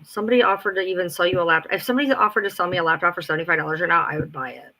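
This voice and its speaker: A livestream host tears into a story with heated, profane energy. The voice is bright and forceful, in a middle register, and rushes ahead in bursts. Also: mid-range voice. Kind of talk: casual livestream rant.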